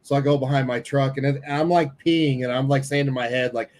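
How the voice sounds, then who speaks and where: Casual storytelling man, middle pitch. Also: fairly even intonation, brisk, darkish tone, rough recording. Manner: candid, swears casually, retells dialogue. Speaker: paranormal podcast co-host.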